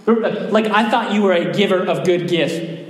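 Animated male pastor in echoey hall. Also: high voice, unhurried. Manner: animated, conversational preaching with questions to the congregation. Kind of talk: sermon. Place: church hall. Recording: roomy church hall echo, faint hum.

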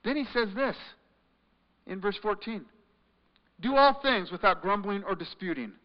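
A man preaching a sermon, reading scripture and urging his listeners, his delivery swinging between loud emphatic lines and quiet questions. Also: high-pitched, lively intonation, unhurried. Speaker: pastor. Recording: muffled sound with long reverb in a large hall.

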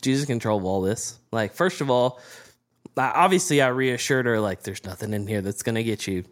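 A man's voice: mid-range voice, animated, moderate pace. A young adult man in casual chat who laughs often while talking. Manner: warm-hearted, laughs often. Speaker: podcast co-host.

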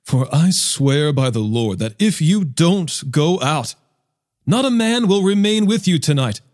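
A man's voice: on the high side, big pitch swings, unhurried, darkish tone. A man reading as a stern army commander. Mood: reproachful. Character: stern blunt army commander rebuking his king.

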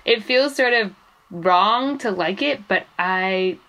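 A woman's voice: medium pitch, slow, a bit bright. A woman in casual chat with a bubbly, giggly way of talking, gushing with enthusiasm.

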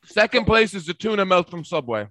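A young Irish comedian, a guest on a casual podcast, tells a story with deadpan mock seriousness. His voice sits high and moves briskly, with no room sound in the recording.

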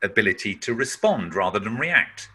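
A man's voice: fairly low pitch, very animated, moderate pace, pushed and bright, breathy edge. A man giving a webinar talk on managing emotions, explaining emphatically and sometimes acting out sounds. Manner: emphatic, acts out breath-holding sounds. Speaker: webinar speaker.

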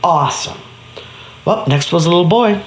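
Animated woman telling a bedtime story. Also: mid-range voice, a little slow, roomy sound, slight background noise. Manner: animated, acts out voices and sound effects. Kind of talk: improvised bedtime story narration.

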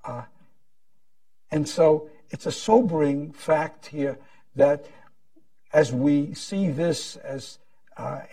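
A man answering on a panel, speaking slowly and hesitantly. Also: on the high side, warm tone, recorded from a distance. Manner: slow, hesitant, measured.

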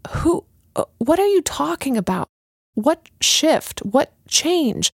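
A woman's voice: sits high, very animated, takes it slowly, vocal fry, dry recording, studio quality, voice pushed up, full character voice. A woman voicing an upset young woman who questions and protests in a raised, agitated voice. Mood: upset, indignant.

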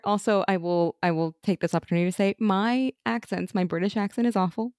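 An American woman co-hosting a podcast in casual chat, enthusiastic and quick to laugh. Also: medium pitch, darkish tone, dry recording, clean studio sound. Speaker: podcast co-host.

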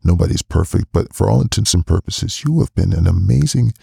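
A man hosting a podcast interview, talking warmly and effusively, stumbling over restarts. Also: low-pitched, animated, brisk, creaky, slightly rough, dry recording, clean studio sound. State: emotional. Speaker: podcast host. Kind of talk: casual interview chat.

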